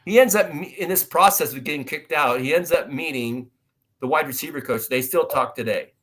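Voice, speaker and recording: A middle-aged man from the United States, an actor guest telling stories in an interview and acting out dialogue loudly. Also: on the high side, brisk. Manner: animated storyteller, acts out dialogue loudly. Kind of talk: storytelling interview talk.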